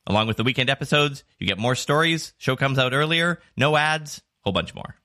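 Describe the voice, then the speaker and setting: A man hosting a digital marketing news podcast, reading scripted segments with clear, varied emphasis. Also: mid-range voice, animated, a little fast, bright, forceful tone. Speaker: podcast host.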